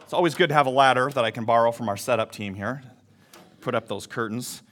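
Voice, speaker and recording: A man in his thirties, a pastor giving a lively sermon with a personal story and calls for responses from the congregation. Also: mid-range voice, fast, background noise. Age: 30s.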